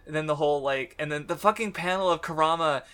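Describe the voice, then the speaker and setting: A man's voice: a little high, fast, sharp tone, clear, resonant tone. A man in casual podcast chat about a manga, rambling with lots of fillers, laughing often and swearing now and then. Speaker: podcast co-host.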